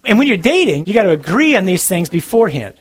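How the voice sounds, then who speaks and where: A priest giving an earnest, direct sermon-style talk, animated and blunt with touches of humor. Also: male voice, sits high, quick pace, breathy edge, rough recording.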